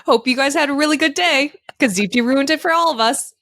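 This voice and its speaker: A woman's voice: high-pitched, brisk, a bit bright, dry recording. Young woman, playful co-host. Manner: playful, teasing banter. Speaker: podcast co-host. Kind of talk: casual chat.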